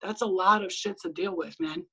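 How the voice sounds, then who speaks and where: A woman's voice: mid-range voice, animated, fairly quick, a bit bright, slightly rough, low-quality recording. A woman on a video call giving a group member blunt, profane advice in a casual heart-to-heart. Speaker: spiritual reader hosting a group call.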